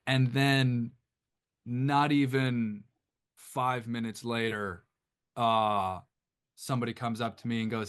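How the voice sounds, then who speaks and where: A man from Detroit, a band guest on a podcast, telling an anecdote casually in a rambling, animated way with lots of restarts. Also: mid-range voice, takes it slowly, long pauses, clean tone. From Detroit, USA.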